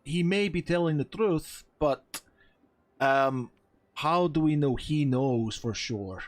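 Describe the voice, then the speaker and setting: A man's voice: fairly high pitch, takes it slowly. A man voicing a wary male adventuring companion who questions what he hears. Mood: doubtful. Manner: doubting, questioning.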